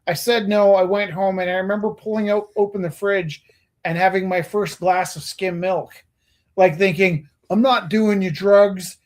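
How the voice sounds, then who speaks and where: A man in his forties hosts a casual chat, his high voice at normal speed with little pitch movement. He tells earnest stories and acts out the lines people said.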